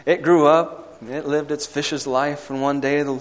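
A man's voice: a little high, fairly even intonation, a little slow, in a large hall. A male pastor preaching a sermon, mixing emphatic peaks with conversational asides and storytelling.

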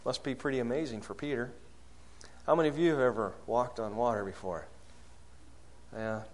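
A man preaching a sermon, asking the congregation questions and swinging from loud, high calls to low, soft lines. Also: normal speed. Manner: rises loud and high when acting out quoted prayers, drops low and soft on key lines.

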